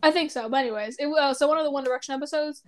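A young woman co-hosts a laid-back podcast in a high voice. She rambles through her stories, full of "like" and "um", with casual swearing. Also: racing. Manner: rambling, many fillers and "like", swears, laughs often. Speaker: podcast co-host. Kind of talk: casual chat.

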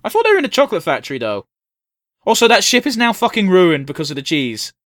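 Casual co-host, high-pitched man, sweary and jokey, dry close sound. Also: wildly swooping pitch, a bit bright, dry recording. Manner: sweary, joking, quick to laugh. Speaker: co-host watching a cartoon. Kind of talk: casual reaction chat.

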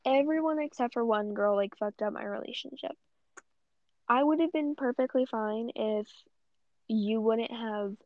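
A young woman vlogs a casual, blunt, profane rant full of rambling asides, her fairly high voice carrying a darkish tone. The audio is dull, lo-fi and dry, with no room sound.

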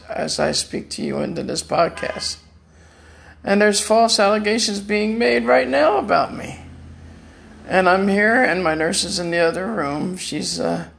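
Gravelly older man in pain, rambling. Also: fairly high pitch, a bit bright. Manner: rambling, repeats words, laughs at own jokes. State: in chronic pain. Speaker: podcast guest. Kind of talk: rambling personal monologue. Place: room at home.

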